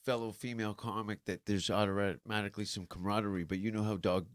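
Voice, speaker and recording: Blunt, crude Canadian comedian. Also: male voice, on the low side, steady tone, fast, dry recording, studio quality. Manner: blunt and crude, hesitant fillers when thinking. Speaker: comedian guest. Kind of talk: casual chat.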